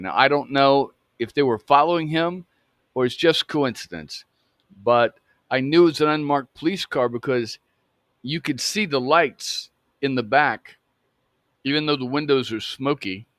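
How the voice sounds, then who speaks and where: A man in his fifties from Atlanta recounts a personal memory to camera. He speaks earnestly and haltingly, often restarting his phrases. His voice sits at a middling pitch, recorded dry and close. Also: a bit bright, dry recording. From Atlanta, Georgia. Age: 50s. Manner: earnest, halting, repeats himself.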